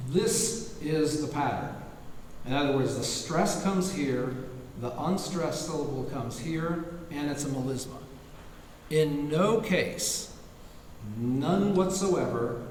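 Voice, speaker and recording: A man giving an academic lecture, halting with fillers and restarts, now and then singing a short chant phrase. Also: on the high side, a little mellow, a little hiss or hum. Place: lecture hall. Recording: echoey hall recorded from far off.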